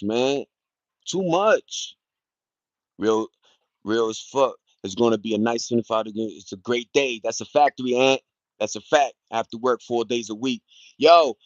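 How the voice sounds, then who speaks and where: A man chatting loosely on a livestream, using street slang and shouting out viewers by name. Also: fairly high pitch, no room sound, highs cut off. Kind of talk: casual rambling livestream chat. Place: at home in the countryside, partly outdoors.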